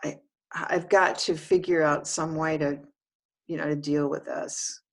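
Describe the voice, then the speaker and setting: A woman in a guided self-inquiry session, talking through her feelings in a hesitant, halting way, often restarting. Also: sits low, fairly even intonation, gravelly. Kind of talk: reflective one-on-one session talk.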